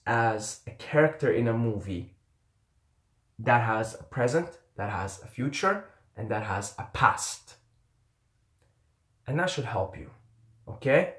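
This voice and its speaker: A man's voice: mid-range voice, roomy sound. A man giving casual dating advice to camera, rambling, swearing freely and repeating himself.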